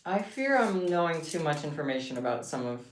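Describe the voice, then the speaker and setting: A woman's voice: low voice, sing-song, fairly quick. A woman streaming live, chatting casually with her viewers and reacting with playful, dramatic exaggeration. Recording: echoey room, mic at distance, faint hiss.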